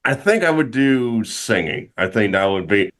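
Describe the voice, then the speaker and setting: A man's voice: on the low side, sing-song, normal speed, fairly bright tone. Rambling man telling stories. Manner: rambling, storytelling, filler-heavy. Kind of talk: casual chat.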